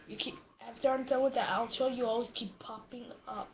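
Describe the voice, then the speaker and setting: A vlogger chatting casually, soft-spoken and rambling, with pauses and restarts. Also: female voice, fairly high pitch, fairly even intonation, muffled recording. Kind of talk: casual vlog chat.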